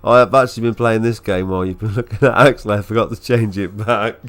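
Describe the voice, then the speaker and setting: A man's voice: lowish voice, fairly even intonation, fast talker, fairly bright tone, faint music behind. A man with a Black Country accent chatting casually on a live stream while he plays, swearing freely and laughing often. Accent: Black Country English.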